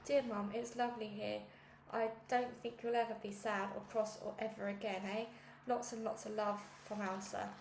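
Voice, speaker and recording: A woman reading a children's book aloud, telling the story in a lively way with small slips and self-corrections. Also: medium pitch, moderate pace, creaky, roomy sound, slight background noise. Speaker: audiobook reader.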